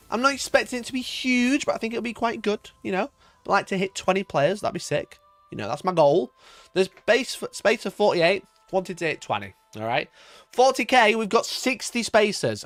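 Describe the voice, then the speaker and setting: High, lively man ranting on stream. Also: normal speed, dry recording, faint music behind. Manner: swears a lot, laughs often, rants and reads chat aloud; mock outrage, voice jumps up when worked up. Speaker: livestream host. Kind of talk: casual live stream chat.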